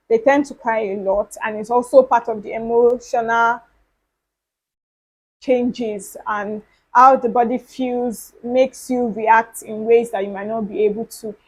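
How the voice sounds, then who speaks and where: A woman with a fairly high voice talks on her own podcast in a casual, chatty way. She speaks earnestly and comes back to her points again and again to stress them. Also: rough recording. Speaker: podcast host. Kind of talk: casual solo podcast talk.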